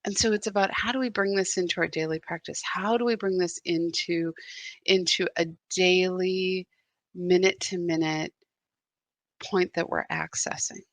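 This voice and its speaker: A woman's voice: fairly low pitch, steady tone, moderate pace, no echo. A woman spiritual guide giving a live meditation talk, telling a candid story that turns reflective.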